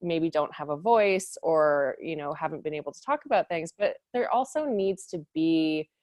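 A woman's voice: deep voice, lively intonation, moderate pace, a little mellow, dry recording, clean studio sound. A woman in her thirties hosting a conversational interview, earnest and reflective, laughing easily. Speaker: podcast host.

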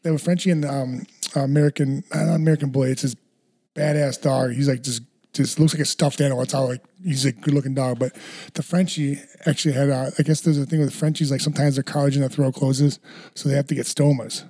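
A man chatting casually as a podcast co-host, telling animated stories full of fillers. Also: mid-range voice, quick pace. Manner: animated storyteller, lots of fillers. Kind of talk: casual chat.

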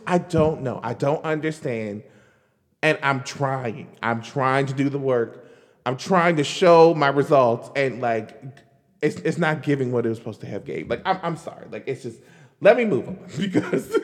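A high-voiced man rants on his podcast, his pitch leaping up and down as he talks. He is chatty and animated, piling on fillers. His voice rings out with a long reverb behind it. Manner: animated, chatty, lots of "like" and "girl", laughs while talking. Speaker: podcast host. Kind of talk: casual solo rant.

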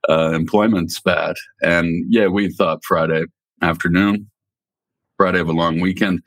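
A newspaper editor chatting on a podcast, rambling and laughing often. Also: male voice, low voice, fairly even intonation, a little slow, a bit bright, no room sound. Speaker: newspaper editor, regular guest. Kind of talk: casual podcast chat.

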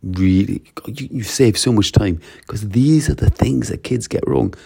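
A man with a Geordie accent talks through his teaching methods in a casual monologue. His voice is very low and gravelly with a mellow, dark tone. He is emphatic and piles up point after point in brisk lists. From North East England. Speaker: language teacher.

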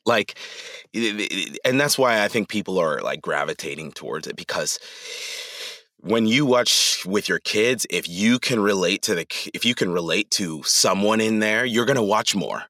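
A man talking as a guest on a podcast, laughing easily and swinging his lowish voice through a wide, lively range. His tone is bright and forceful, and the sound is close and dry. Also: moderate pace, no echo. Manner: animated, laughs often, acts out voices. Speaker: voice actor guest. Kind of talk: casual podcast conversation.

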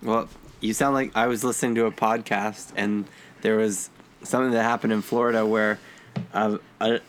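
A man in a casual podcast chat, relaxed and dropping short reactions. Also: on the low side, moderate pace, slight background noise. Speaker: podcast co-host.

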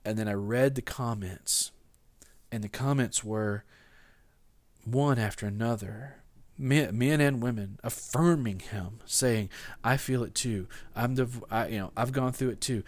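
A man preaching a sermon in a conversational way, often restarting his sentences and acting out quoted lines with sudden jumps in pitch and loudness. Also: unhurried, no echo. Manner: conversational, with repeated restarts and playful sarcasm. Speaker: pastor.

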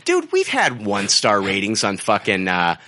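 Brief: bright, expressive male podcast co-host, swears freely, lots of pitch movement. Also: normal speed. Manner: animated, profane, laughs often. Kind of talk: casual podcast chat.

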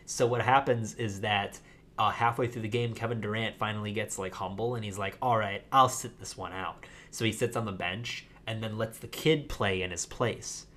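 Man rambling through an animated story. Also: lowish voice, moderate pace. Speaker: podcast co-host. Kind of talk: casual chat.

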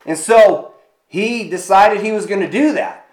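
A man's voice: high-pitched, a little slow. A man telling a story in a casual way, acting out what others said and using many fillers, as a motivational speaker. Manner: animated retelling with many fillers. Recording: echoey room.

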